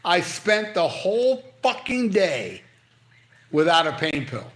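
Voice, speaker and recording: A man's voice: high-pitched, very animated, takes it slowly, fairly bright tone. Blunt, profane older man ranting. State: on pain medication. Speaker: livestream host. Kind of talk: casual live chat reading comments.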